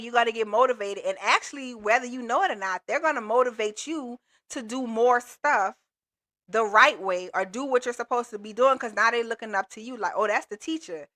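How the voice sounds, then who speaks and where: Bright, upbeat woman coach live. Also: on the high side. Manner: upbeat, motivational, casual slangy talk. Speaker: business coach and livestream host. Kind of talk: live call-in coaching stream. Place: Texas.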